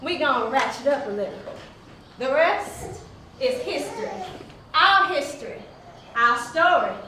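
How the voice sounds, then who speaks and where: A petite, spirited young singer spins her tale in a folksy, high-pitched voice, as a woman acts her out. She takes her time and chuckles along. The voice comes from far off, through a long, echoing hall over faint music. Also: unhurried, slight background noise, exaggerated voice. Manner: lively, folksy storytelling with chuckles. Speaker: narrator of a one-woman stage play. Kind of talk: theatrical storytelling.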